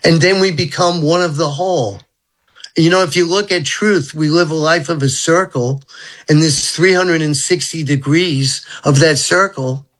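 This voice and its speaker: This older man from Brooklyn talks in an earnest, rambling way, drifting from spiritual musings into childhood stories. His voice sits a little high for a man. He is a guest on a radio interview. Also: normal speed, fairly bright tone. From Brooklyn, New York. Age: 70s.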